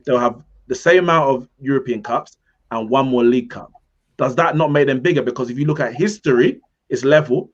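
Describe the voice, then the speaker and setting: A man's voice: medium pitch, brisk, muffled recording. A man on a football debate panel arguing his point and reeling off trophy counts. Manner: argumentative, lists stats.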